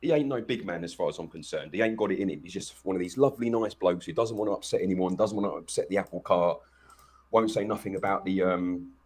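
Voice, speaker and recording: A man's voice: sits low, fast talker, darkish tone, husky. A man co-hosting a podcast, talking in a blunt, brash way and swearing freely. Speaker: podcast co-host. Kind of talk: casual chat.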